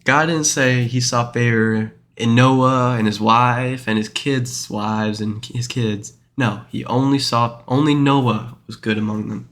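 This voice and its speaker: A man's voice: medium pitch, fairly even intonation, measured pace, hardly any pauses, fairly bright tone. Casual man leading a Bible study. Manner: casual, rambling, frequent fillers and self-corrections. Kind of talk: informal Bible study reading and commentary.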